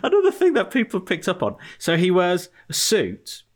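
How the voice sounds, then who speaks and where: A man's voice: high-pitched, wildly swooping pitch. A man co-hosting a podcast, chatting casually in a playful, teasing way. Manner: playful, teasing, quick to laugh. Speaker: podcast co-host. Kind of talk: casual chat.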